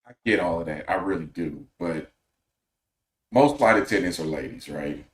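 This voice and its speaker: Low voiced guy on a podcast, measured, opinionated, kinda echoey room. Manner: measured, opinionated, poses questions. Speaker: podcast co-host. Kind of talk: casual podcast chat.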